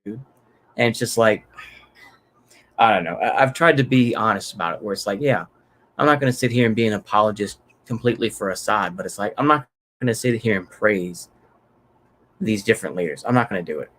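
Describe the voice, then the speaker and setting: A man's voice: on the low side, expressive, fairly quick, long pauses, fairly bright tone. A man from Texas giving unscripted solo political commentary, rambling and profane, with many fillers and restarts.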